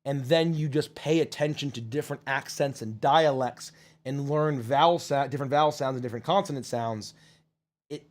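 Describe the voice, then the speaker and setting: A man, a voice actor and show host, chatting casually and rambling through viewer questions on a livestream. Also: medium pitch. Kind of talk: casual livestream Q&A, reading chat.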